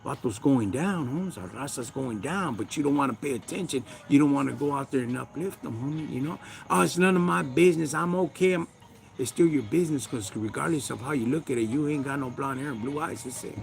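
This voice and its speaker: A man's voice: mid-range voice, fairly quick, gravelly, darkish tone. A man with a Chicano accent hosting a casual livestream, ranting in street slang and talking back to his chat. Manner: slangy, preachy, talks to chat. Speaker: livestream host. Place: backyard.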